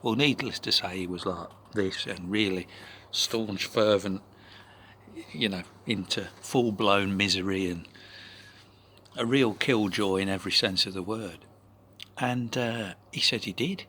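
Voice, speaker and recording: A man telling a rambling personal anecdote, full of asides and now and then dropping into a soft whisper. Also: fairly low pitch, a little slow, slight background noise. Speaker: vlogger.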